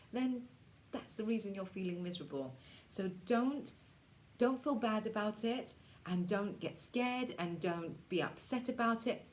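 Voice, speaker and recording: A woman in her forties leading a casual self-care workshop for teens, chatty and reassuring, slipping into quick voices to act out moods. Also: mid-range voice, a little mellow, a little hiss or hum. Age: 40s. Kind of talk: casual teaching talk to teens.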